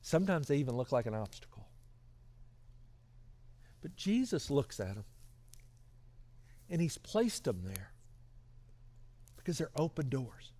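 A man's voice: mid-range voice, big pitch swings, measured pace, pauses often, dark tone. A middle-aged male pastor telling a story in a sermon, earnest and conversational with stammered restarts.

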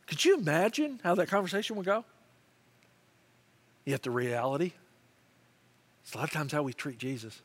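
A man's voice: high voice, brisk, long pauses. A middle-aged male pastor preaching a sermon, telling stories and acting out the voices of people he quotes. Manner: animated storytelling, acts out quoted voices.

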